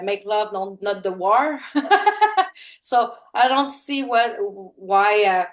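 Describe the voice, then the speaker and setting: Halting French Canadian woman guest. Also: mid-range voice. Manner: halting, searching for English words; bubbly, open. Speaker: interview guest. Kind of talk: casual interview chat.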